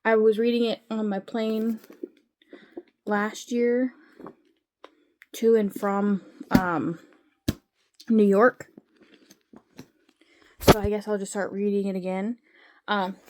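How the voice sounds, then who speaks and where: Woman, casual home vlog, slow unhurried talk, mid pitch, rambling, sighs. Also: background noise. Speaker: vlogger. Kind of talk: casual chat.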